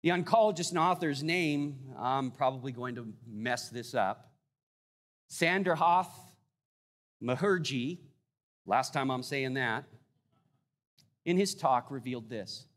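A man preaching a sermon in a church, his voice carrying a long reverb off the room. He speaks emphatically, swinging from loud, raised passages to quiet, low endings, at a middle pitch. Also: takes it slowly, pauses often. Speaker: pastor.

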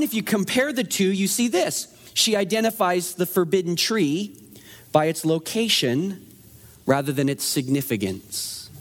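A man preaching a sermon in a conversational, animated way, asking the room rhetorical questions. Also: a little high. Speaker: pastor.

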